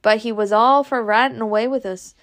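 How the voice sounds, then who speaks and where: A woman voicing a calm, kindly Southern gentleman near seventy, soft and reassuring in manner. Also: on the high side, brisk.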